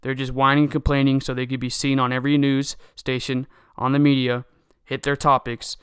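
Young guy ranting, worked up and stumbling over his words, smooth clear voice. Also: mid-range voice, little pitch movement, fairly quick, fairly bright tone, no echo, clean studio sound. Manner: agitated and indignant, repeats words and restarts. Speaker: political commentator. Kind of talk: solo opinion rant.

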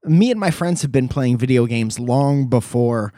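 A man's voice: mid-range voice, animated, moderate pace, mellow, dry recording. Dry-voiced man telling a story casually. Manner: rambling, self-correcting storyteller. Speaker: podcast host.

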